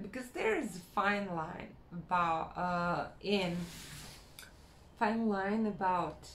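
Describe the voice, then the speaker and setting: Woman vlogger, frank self-help talk, slow and measured, roomy echo. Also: mid-range voice, lively intonation. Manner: unhurried, frank, repeats phrases for emphasis. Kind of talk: casual motivational talk to camera. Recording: echoey room with faint background hum.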